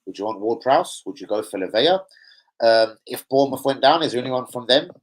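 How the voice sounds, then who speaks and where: On a low-quality recording with a little hiss or hum, a young football fan channel host rambles through a casual live-stream reaction chat. His mid-range voice is animated and brisk, full of swearing and slang.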